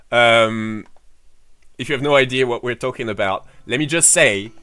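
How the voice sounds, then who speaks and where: A man's voice: mid-range voice, fairly bright tone, dry recording. A man streaming a game playthrough, chatting casually, rambling, swearing freely and answering his chat. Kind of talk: casual livestream commentary.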